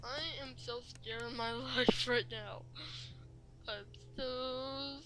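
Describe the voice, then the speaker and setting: Slow, frightened gamer woman over game music. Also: on the high side, fairly even intonation, fairly bright tone. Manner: jumpy, rambling, keeps apologizing to viewers. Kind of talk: let's play commentary.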